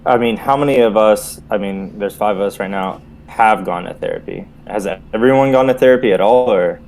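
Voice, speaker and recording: A man with a fairly low voice talks openly about his own experience in a relaxed chat among veterans. He speaks in a reflective, storytelling way. A faint background noise runs under his voice. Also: fairly quick, vocal fry. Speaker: podcast co-host, Army veteran. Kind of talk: casual group chat.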